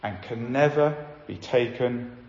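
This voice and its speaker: A man preaching a sermon, earnest, slowing down to stress key points. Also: mid-range voice, darkish tone. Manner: earnest, slows down for emphasis. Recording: echoey hall, slightly dull sound.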